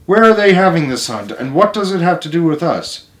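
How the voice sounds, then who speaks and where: A man's voice: fairly high pitch, big pitch swings, a little fast, pitched above the performer's own voice. A man voicing an eager, wide-eyed country boy who asks breathless questions. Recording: roomy echo.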